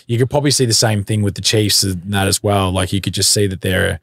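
A young man with an Australian accent talks in an easygoing, chilled-out podcast chat, his voice on the low side. He drifts through fillers and casual swearing. The sound is close and dry, with no room around it. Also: quick pace, creaky, dry recording. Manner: relaxed, laid-back, loose swearing, many fillers. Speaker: interview guest, football punter.

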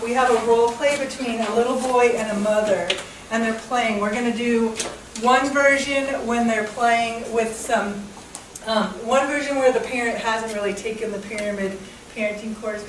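A woman presenting a parenting workshop, encouraging her audience and organizing a role-play. Her voice sits a little high. It reaches the mic from a distance in a roomy space with constant background noise. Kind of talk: classroom presentation.

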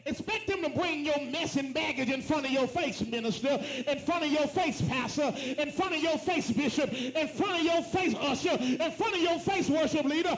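Delivering a sermon at a moderate pace, a very high-voiced pastor leads call and response, climbing into shouts at the high points. The spacious church sanctuary is full of echo.

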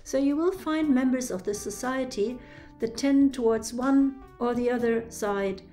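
German woman explaining in an even, steady manner. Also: a little high. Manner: clear, methodical, explains with examples. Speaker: trainer. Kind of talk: explanatory lecture.

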